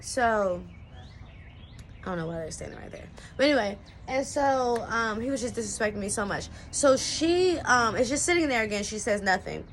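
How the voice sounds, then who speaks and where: Speaking at a moderate pace with a fairly high, animated voice, a young woman vlogger recounts a personal story in loose slang, leaning on "like" and "you know what I'm saying." There's slight background noise.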